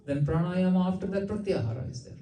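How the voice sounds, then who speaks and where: A man lectures on scripture in a conversational way, often turning questions to the audience. His voice is mellow and dark, a little high for a man. He is picked up from across an echoey temple hall. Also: fast talker. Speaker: speaker giving a scripture class. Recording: echoey hall, mic far off.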